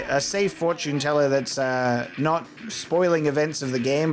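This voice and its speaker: A man's voice: medium pitch, moderate pace, hardly any pauses. A man casually commenting on a game as he plays, joking and laughing often and reading dialogue aloud. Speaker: let's play host.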